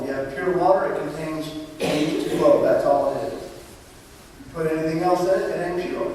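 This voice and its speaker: Preacher in an echoey church hall. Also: male voice, sits high, a little hiss or hum. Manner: storytelling, conversational with wry humour. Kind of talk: sermon. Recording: echoey church hall from far off, faint ambience.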